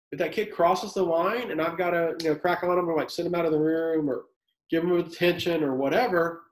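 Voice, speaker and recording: A man who teaches high school giving casual, conversational advice on working with teens. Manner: conversational, acts out student exchanges. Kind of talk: casual classroom advice talk. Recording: echoey room.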